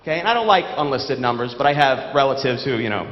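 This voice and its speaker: Fast and medium-pitched, a male comic from New York runs through his stand-up set with sardonic, deadpan storytelling. He's on a large theater stage, captured in dull lo-fi audio full of the hall's echo.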